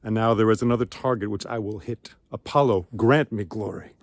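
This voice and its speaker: A man storyteller voicing an old ragged beggar who speaks low and calm. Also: a little fast, no echo, natural voice. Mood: quiet. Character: old ragged male beggar, quietly confident.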